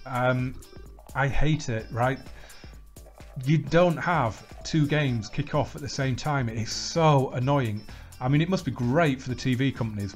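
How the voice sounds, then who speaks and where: A man hosting a gaming channel, commentating on a simulated football match with excitable play-by-play and frustrated rants. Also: medium pitch.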